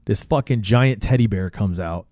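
Homem de voz quente e relaxada, em papo descontraído, recontando cenas com palavrões e imitando as falas, gravação seca e próxima. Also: male voice, on the low side, normal speed, no room sound, clean studio sound. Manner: animated retelling, swears a lot, acts out lines. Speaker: podcast co-host. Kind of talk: casual movie recap chat.

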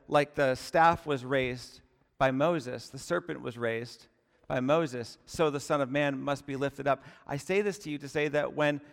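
A man preaches a sermon in a church sanctuary, speaking in a conversational way and tossing rhetorical questions to his listeners. His voice sits at an ordinary middle pitch. The sound carries a long reverb from the hall. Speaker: pastor.

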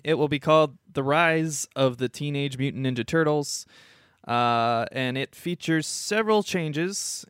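A man co-hosting a casual podcast, reading out pop culture news in a relaxed, hesitant way with many fillers. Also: fairly high pitch, clean tone, no echo, studio quality. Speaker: podcast co-host presenting news. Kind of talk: casual chat.

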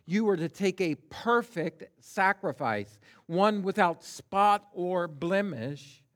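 A man with a high, expressive voice preaches as a pastor, deliberate and emphatic. He alternates between hushed passages and loud cries, punching individual words.

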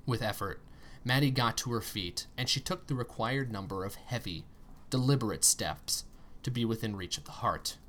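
A man narrating a story aloud in an expressive reading style, with tense pauses and strong emphasis. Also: mid-range voice, slight background noise. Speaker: story reader.

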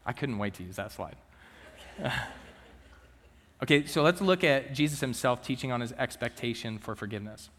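A man's voice: medium pitch, lively intonation, moderate pace, long pauses, fairly bright tone, slight background noise. A man, a student minister, preaching a sermon in a casual, conversational way with frequent asides to the congregation. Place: church sanctuary. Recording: long reverb of a church hall.

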